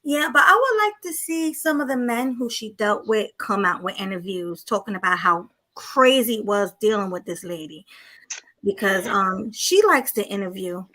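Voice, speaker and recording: Sassy, bright-voiced woman co-host. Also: mid-range voice, animated, normal speed. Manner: sassy, judgmental. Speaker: podcast co-host. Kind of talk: casual commentary chat.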